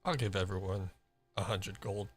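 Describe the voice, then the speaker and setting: A man's voice: low-pitched, steady tone, normal speed, faint music behind. A man playing a tabletop game, chatting in an easygoing way. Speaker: player. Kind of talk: casual game chat.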